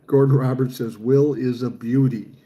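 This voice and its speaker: A man's voice: mid-range voice, steady tone, normal speed, mellow. A man in his sixties hosting a livestream, reading viewer comments aloud and answering them in a blunt, profane, fired-up way. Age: 60s. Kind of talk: casual chat.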